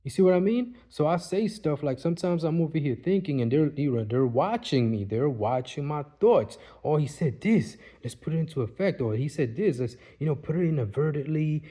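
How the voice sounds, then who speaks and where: A vlogger with a warm, mid-range male voice rambles casually through a monologue. He keeps repeating himself and often checks in with "you see what I mean" to make sure the listener follows.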